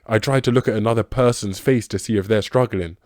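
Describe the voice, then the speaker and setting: A man co-hosting a casual podcast chat, skeptical and joking in an animated way. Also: fairly low pitch, quick pace, a crowd in the background. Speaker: podcast co-host.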